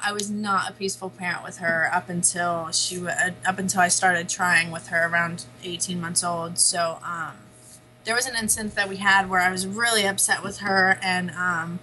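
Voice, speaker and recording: A woman speaks in a bright, clear, forward voice at a middle pitch. She tells a personal story candidly and often laughs softly between phrases. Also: a little hiss or hum, poor audio. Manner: candid, with frequent small laughs. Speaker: interview guest, parent.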